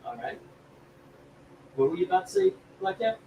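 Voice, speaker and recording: A man's voice: very high voice, huge pitch swings, moderate pace, gravelly, warm tone, highs cut off, a little hiss or hum. A man hosting a live comic book auction stream, chatting casually and rambling with jokes, feeling sick from food poisoning. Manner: rambling, jokey, laughs easily.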